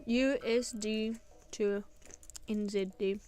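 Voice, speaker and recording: A woman's voice: mid-range voice, fairly even intonation, slow, mellow, smooth, soft background music. Chatty New woman, rambling art stream. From New Zealand. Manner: rambling, self-mocking, laughs between thoughts. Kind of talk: casual chat while drawing on stream.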